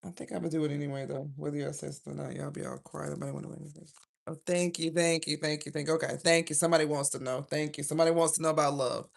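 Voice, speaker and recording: Southern lady doing a live tarot reading at home, gravelly voice, chatty and slangy, laughs a lot. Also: sits low, fairly even intonation, quick pace. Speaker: tarot reader.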